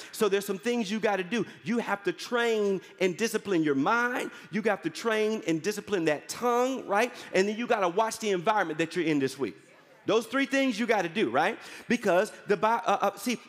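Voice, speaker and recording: A man preaching a sermon as pastor with energetic call-and-response, prompting the congregation often. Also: sits high, in a large hall. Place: large church hall.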